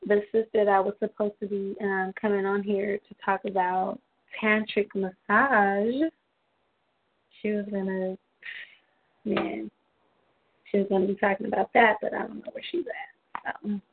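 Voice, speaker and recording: A woman's voice: medium pitch, level tone, measured pace, vocal fry, long pauses, breathy edge. A woman hosting a community call, chatting loosely and laughing often over tinny call audio. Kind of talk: casual online call hosting. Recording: tinny phone-line audio.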